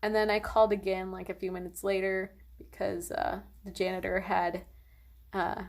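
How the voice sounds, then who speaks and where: Young woman vlogging, rambly storytime, lots of likes and ums, creaky voice. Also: medium pitch, flat delivery, moderate pace. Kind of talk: casual storytelling to camera.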